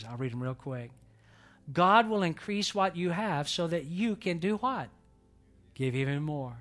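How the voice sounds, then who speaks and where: A male pastor delivers a sermon to his church. His voice sits a little high for a man. He hammers key phrases with force, then drops to soft, confiding asides. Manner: emphatic preacher, swings between loud pushes and quiet asides.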